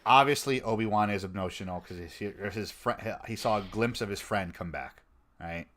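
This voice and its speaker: Casting: male podcast host, slightly low voice, excitable casual chatter. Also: moderate pace. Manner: excitable, laughs often, many fillers. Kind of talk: casual fan podcast chat.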